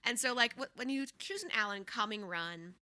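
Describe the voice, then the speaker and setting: A woman's voice: a little high, expressive, normal speed, sharp tone, clear, resonant tone. A woman guest chatting casually on a podcast, rambling with many fillers.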